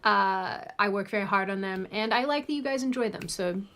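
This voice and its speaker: A woman's voice: medium pitch, brisk, a bit bright. A woman from Sydney talks straight to camera on her channel, giving opinionated political commentary. Her delivery is earnest and heated, with some laughs of disbelief mixed in. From Australia, Sydney. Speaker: video essay host.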